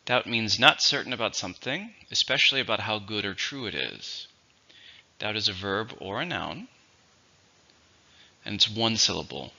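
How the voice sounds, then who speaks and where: A very deep-voiced man gives an English vocabulary lesson, spelling out syllables and stress with slow, careful dictation. His tone is sharp and bright despite the low pitch. The recording sounds dull and lo-fi. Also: expressive. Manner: slow, clear, patient dictation. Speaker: English teacher.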